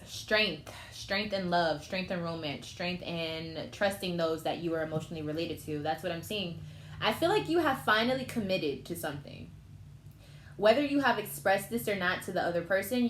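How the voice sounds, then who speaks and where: A woman's voice: medium pitch, a little hiss or hum. A young woman giving a casual, emotional tarot reading and thinking aloud as she goes. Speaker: tarot reader. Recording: echoey room with faint ambience.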